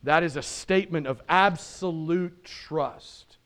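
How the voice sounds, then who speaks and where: Pastor, American man, high pitch; preaching that swings between hushed intensity and exultant shouting. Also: slow. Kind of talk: sermon.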